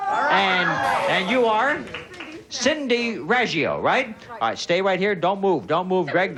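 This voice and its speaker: A man hosting a game show with lively, joking banter, teasing the contestants. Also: high-pitched. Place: large television studio. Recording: live studio audience and noise behind.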